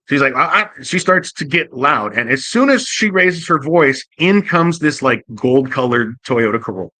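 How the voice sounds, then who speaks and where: A man hosting a show who tells a profane, jokey anecdote in a casual and animated way. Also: medium pitch, fairly quick, few pauses, no echo. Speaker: host. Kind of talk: casual comic storytelling.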